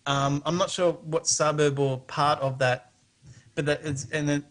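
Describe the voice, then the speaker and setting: A man's voice: on the high side, steady tone, a little slow, a bit bright. A man with an Australian accent calling in to a live show, rambling and hesitant as he asks curious questions. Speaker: guest caller. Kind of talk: casual live-stream chat.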